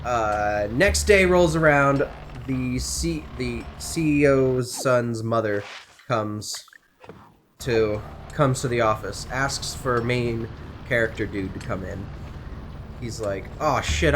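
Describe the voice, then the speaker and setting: A man's voice: mid-range voice, slight background noise. A young man in casual chat, animatedly retelling a story with asides and swearing while gaming. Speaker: co-host.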